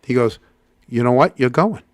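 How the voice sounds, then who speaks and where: A man's voice: moderate pace, no echo, clean studio sound. A middle-aged man, co-hosting a casual show and telling a story animatedly, acting out what people said. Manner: animated, acts out quotes with jumps in pitch. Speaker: co-host.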